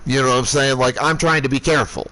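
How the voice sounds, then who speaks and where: A man in his thirties streaming from home, telling a story in a casual, profane way that flares into shouting. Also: medium pitch, steady tone, fast, low-quality recording. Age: 30s. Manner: profane, heated retelling, shouting when angry.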